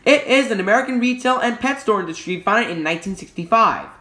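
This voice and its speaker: A man hosting a logo history video, talking casually and playfully, cracking jokes and quickly correcting himself. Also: sits high, animated, pushed and bright, roomy sound. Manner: playful and jokey, self-correcting with quick apologies. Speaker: YouTube logo history host. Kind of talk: casual explanatory commentary.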